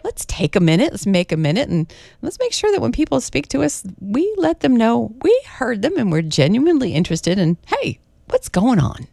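A woman's voice: on the high side, big pitch swings, fairly quick, creaky, dark tone. A woman from Massachusetts, giving a casual reflective radio monologue that is chatty, laughs easily, and acts out greetings. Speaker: radio segment speaker.

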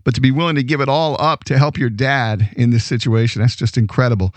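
A man hosting a radio show, telling a good news story in a lively, chatty way with fillers. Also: mid-range voice, quick pace, no echo. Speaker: radio host.

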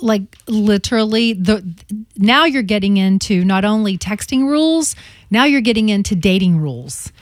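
A woman co-hosting a morning radio show, telling animated stories with teasing asides and frequent laughter. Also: mid-range voice, normal speed, no echo, studio quality. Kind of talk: casual radio banter. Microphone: studio microphone.

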